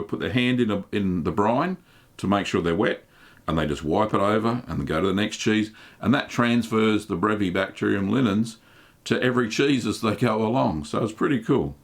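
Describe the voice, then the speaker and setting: Gravelly low-voiced Australian man. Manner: relaxed and chatty, many ums. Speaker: host. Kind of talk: live-stream Q&A, reading chat aloud.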